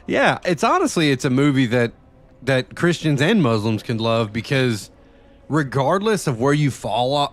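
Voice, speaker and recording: A man chatting casually with viewers during a live game stream, loose and profane, often rambling. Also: medium pitch. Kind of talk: casual live-stream chat while gaming.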